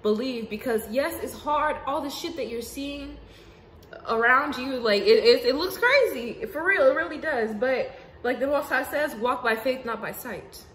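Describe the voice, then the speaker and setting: A woman giving an unscripted spiritual monologue to her viewers, casual and profane, swinging between emphatic outbursts and hushed asides. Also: high voice, animated, moderate pace. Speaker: spiritual vlogger. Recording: roomy echo with faint background noise.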